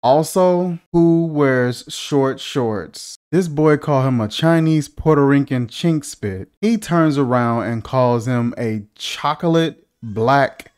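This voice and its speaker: A man's voice: medium pitch, slow, hardly any pauses, darkish tone, smooth. A man hosting a casual movie reaction, joking and incredulous, asking one rhetorical question after another.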